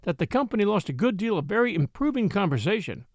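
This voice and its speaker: A man reading a classic novel aloud in a wry, expressive storytelling manner, close to the mic. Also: sits high, fast talker, no room sound. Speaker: audiobook narrator.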